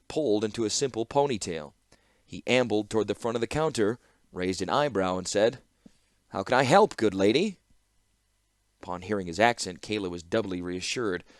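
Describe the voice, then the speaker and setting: A man narrating a fantasy audiobook with expressive storytelling. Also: fairly low pitch, no echo, clean studio sound. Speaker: audiobook reader.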